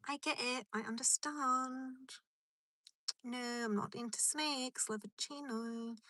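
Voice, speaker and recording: A woman's voice: sits high, fairly even intonation, slow, pushed and bright, no room sound. A woman chatting on a live stream from her car in a rambling, chatty way, answering comments as they come in. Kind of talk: casual live stream chat.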